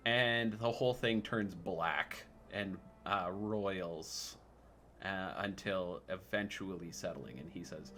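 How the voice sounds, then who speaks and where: A man narrating as game master in a tabletop game, talking in a halting way with many fillers. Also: low-pitched, bright, forceful tone, slight background noise.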